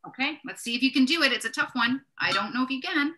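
Woman, wine tasting co-host, casual chat, bright tone, enthusiastic, self-correcting. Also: high voice, animated, fast talker. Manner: chatty, self-correcting, enthusiastic about labels.

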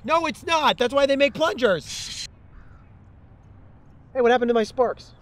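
A man's voice: high-pitched, very animated, quick pace, a bit bright. A man playing a sarcastic, exasperated male fairy in a comedy web series. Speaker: Ciderdew.

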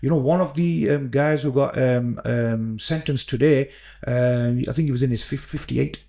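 A man's voice: mid-range voice, moderate pace, creaky, dark tone. A man, guest on a podcast, talking earnestly with many fillers and repeated words. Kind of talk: casual podcast conversation.

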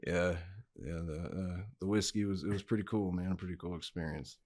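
A man's voice: low voice, brisk, darkish tone. A man telling casual stories as a podcast guest, rambling with many fillers and easy swearing. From United States. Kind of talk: casual chat.

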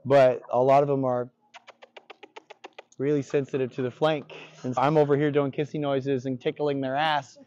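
A man's voice: mid-range voice, flat delivery, normal speed, darkish tone. A man working as a dog trainer, explaining his methods in blunt, casual talk with the odd swear word. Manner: blunt, profane, confident explaining. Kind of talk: casual on-the-job instruction. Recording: dull lo-fi recording.

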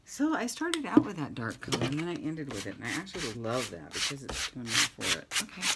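A chatty middle-aged woman with a low voice that swoops up and down a lot, rambling along and poking fun at herself as she works. Her talk sits over loud rubbing, sanding and clicking from the craft project, recorded at home with a window open. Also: big pitch swings, quick pace. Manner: chatty, rambling, self-mocking, often whispering asides. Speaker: craft vlogger. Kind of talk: casual chat while painting. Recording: loud background crafting noise. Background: sanding, rubbing and clicking sounds.

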